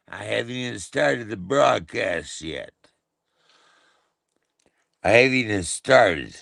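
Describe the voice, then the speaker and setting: A man rants on his live stream in a repetitive, profane, mocking way. He talks very slowly, and his pitch swings up and down widely. His gravelly voice sounds dry and close, with no room echo. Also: expressive, fairly bright tone. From Canada.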